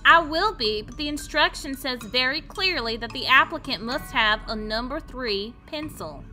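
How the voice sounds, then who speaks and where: A woman's voice: high voice, animated, normal speed, sharp tone, soft background music, exaggerated voice. A woman voicing a fussy, bureaucratic ghost town clerk in a comedy game, cheerful and pedantic. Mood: officious.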